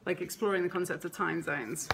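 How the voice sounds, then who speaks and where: Mom vlogger lady just chatting, kinda low voice, rambly, says like and um a lot. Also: brisk, vocal fry, background noise. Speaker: mother vlogger. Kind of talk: casual vlog chat.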